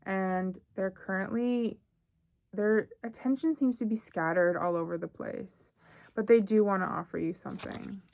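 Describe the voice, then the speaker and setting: A young woman talks through a tarot reading in a loose, chatty way, thinking aloud and filling gaps with ums and likes. Her voice sits at an ordinary pitch with a gravelly fry running through it. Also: normal speed, darkish tone. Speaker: tarot reader.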